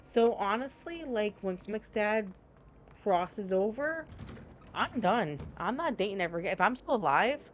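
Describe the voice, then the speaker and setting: A chatty streamer, a woman whose voice sits at an ordinary middle pitch. She talks to her chat in a loose, candid ramble, circling back and restarting her thoughts as she plays. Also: big pitch swings, unhurried, slight background noise. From New Jersey. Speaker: game streamer. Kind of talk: casual live-stream chat.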